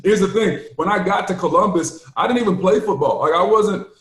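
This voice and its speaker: Animated man telling stories, roomy sound. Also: high-pitched, a little fast. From United States. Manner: animated storyteller, laughs often. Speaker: podcast co-host, former player. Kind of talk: casual chat.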